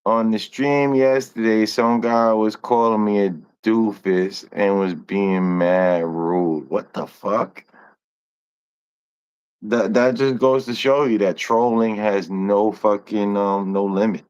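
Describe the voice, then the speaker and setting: A man's voice: on the low side, fairly even intonation, slow pace, a little mellow, clear, resonant tone, muffled recording. A young man hosting a casual live stream, talking in a laid-back, slangy way and swearing freely. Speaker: livestream host.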